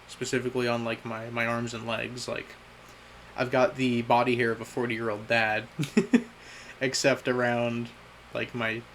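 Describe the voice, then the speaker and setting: A young man speaks at an ordinary middle pitch in a candid message to his future self, halting and stopping to restart his sentences. His self-critical talk comes in short bursts between pauses, over a faint hiss. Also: fairly bright tone, poor audio. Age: young adult. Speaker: vlogger.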